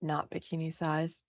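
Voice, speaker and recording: A young woman streamer with a lowish voice and an easy, gravelly fry rambles through a story, laughing often and swearing casually. Her desk mic sounds close and dry, with no echo.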